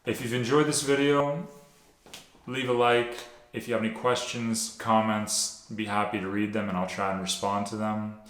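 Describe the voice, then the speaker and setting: A man's voice: on the low side, flat delivery, moderate pace, fairly bright tone. A man giving direct-to-camera sales tips as a sales coach, explaining in an instructive way and often checking in with "right?". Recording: echoey room.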